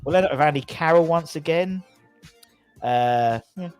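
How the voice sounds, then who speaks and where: A man's voice: on the high side, moderate pace, darkish tone, faint music behind. A man hosting a casual football fan chat show, rambling through stories and reading out viewer comments. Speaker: podcast host.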